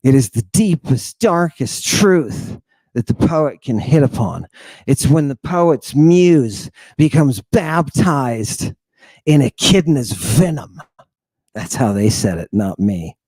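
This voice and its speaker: A man's voice: medium pitch, lively intonation, slow pace, a little mellow, slightly rough, no room sound. A man hosting and giving a theatrical lecture to his audience. He stresses and repeats key words and keeps firing rhetorical questions. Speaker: lecturer and host.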